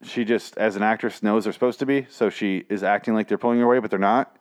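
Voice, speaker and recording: A man's voice: fairly low pitch, steady tone, fast. A man casually recapping a TV episode, swearing and sarcastic, rambling with lots of restarts. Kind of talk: casual spoken recap and review.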